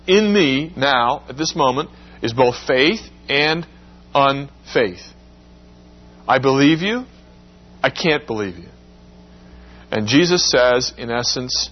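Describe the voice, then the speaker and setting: A man's voice: medium pitch, animated, takes it slowly, husky, dull audio. A man preaching a sermon, explaining scripture with everyday examples and acting out the quoted lines. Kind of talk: sermon with Bible exposition.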